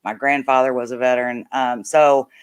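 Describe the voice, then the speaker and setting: A woman hosting an interview, chatty and warm, with frequent ums. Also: a bass voice, level tone, normal speed, clear, resonant tone. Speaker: host. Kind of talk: casual interview chat.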